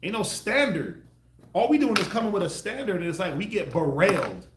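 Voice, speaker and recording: A man preaching with a high voice that swings wide in pitch. He keeps breaking into loud acted-out quotes, and the room around him is echoey. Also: fairly quick, background noise. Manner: animated, acts out quoted voices with loud bursts. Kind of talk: street sermon teaching.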